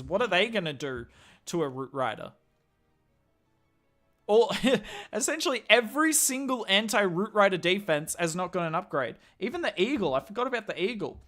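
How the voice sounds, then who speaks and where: An Australian man chatting casually on a live game stream, answering viewers' questions and thinking out loud. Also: high-pitched.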